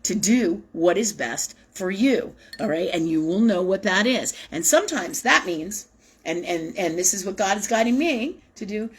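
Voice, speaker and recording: A woman's voice: mid-range voice, lively intonation, moderate pace, slightly rough. A woman hosting a live spiritual talk show, rambling and emphatic, swearing freely as she talks to her viewers. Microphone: webcam or phone on a live stream.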